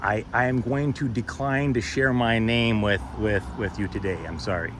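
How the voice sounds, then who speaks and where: A man doing on-camera commentary while filming in public, sarcastic and wry, halting with many fillers. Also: mid-range voice, fairly even intonation. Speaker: first amendment auditor filming in public. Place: public sidewalk outdoors. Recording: outdoor street noise. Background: street and traffic noise.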